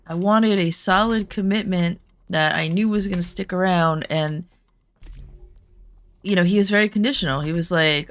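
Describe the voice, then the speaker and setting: A woman gaming streamer with a lowish voice talks at a moderate pace while she plays, chatting casually, rambling through stories, and murmuring to herself. The recording is dry.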